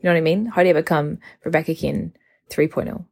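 A woman in her mid-twenties chatting alone into her phone for her podcast. Her voice sits a little low for a woman. She rambles, fills her talk with "like" and keeps correcting herself. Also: brisk, creaky, a little mellow. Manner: chatty, rambling, heavy use of "like", self-correcting. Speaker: podcast host. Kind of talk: casual solo podcast chat.

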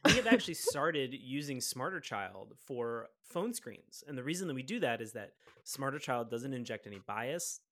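A performer improvising a comedy bit as an agent, explaining things in an animated way. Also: medium pitch, moderate pace, few pauses.

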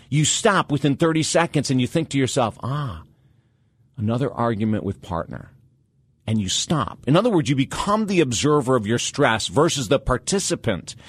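A man hosting a radio talk show with an energetic, motivational delivery. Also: a little high, no echo.

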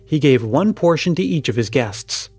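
A man calmly reading a story aloud as narrator, with a measured delivery. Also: fairly high pitch, breathy edge, no echo, soft background music. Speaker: story reader.

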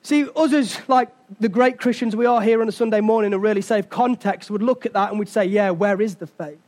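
A man's voice: very high-pitched, steady tone, a little fast, darkish tone. A man preaching a sermon, telling a family story with acted-out voices and lots of casual fillers before his message. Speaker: pastor.

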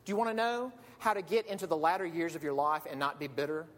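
A man's voice: a little high, fairly even intonation, fast talker, a bit bright. A man preaching a sermon as a pastor, earnest and pleading, asking his listeners question after question. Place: church sanctuary. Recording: long reverb of a large hall.

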